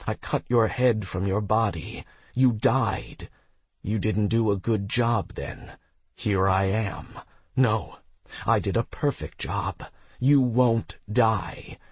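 A man's voice: on the low side, takes it slowly, husky, no echo. A man voicing a feverish, dying elven woman, speaking weakly in pain. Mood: desperate. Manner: whispering, strained. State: in pain, weak.

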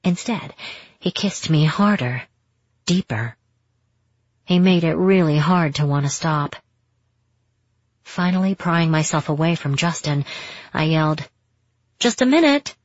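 A woman narrating a first-person romance story in a steady, intimate way. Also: deep voice, measured pace, long pauses, dry recording. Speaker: audiobook narrator. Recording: dull, muffled audio.

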